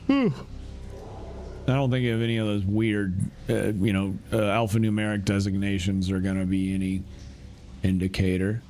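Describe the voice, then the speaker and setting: A man's voice: lowish voice, steady tone, normal speed, a little mellow, slight background noise. A young man streaming a horror game, chatting casually and rambling with restarts. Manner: rambling, many fillers and restarts. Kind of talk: casual gaming commentary.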